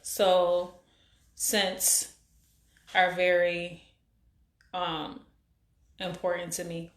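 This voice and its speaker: Speaking in a fairly low monotone, a woman around forty hosts a live stream in an echoey room. She greets viewers and reads out their comments in a casual, rambling, halting chat with many fillers.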